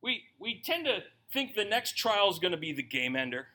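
A man preaches with a high, strikingly bright voice. He talks conversationally to his congregation and keeps breaking into playful voices for the people he describes. His delivery is lively and animated. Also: moderate pace, few pauses. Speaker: pastor. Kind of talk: sermon.

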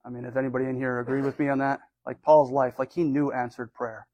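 A man's voice: mid-range voice, little pitch movement, quick pace, no room sound, highs cut off. Conversational man preaching a sermon. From United States. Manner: conversational, rambling with many fillers and restarts. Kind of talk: informal sermon.

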